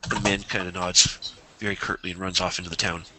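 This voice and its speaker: A man's voice: sits low, brisk, very noisy. A man narrating a tabletop game as game master, telling the story with lots of restarts and asides. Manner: rambling, animated storyteller with frequent restarts.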